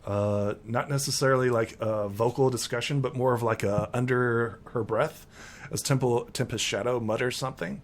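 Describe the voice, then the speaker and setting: A man's voice: medium pitch, steady tone, normal speed. A man narrating a tabletop role-playing game as game master, rambling with many fillers.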